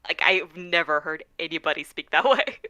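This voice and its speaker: Woman from Canada, bright clear voice, dry close sound, casual stream chat, lots of ums. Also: deep voice, lively intonation, normal speed, no echo. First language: not English. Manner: chatty and laughing, many fillers. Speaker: modding stream guest.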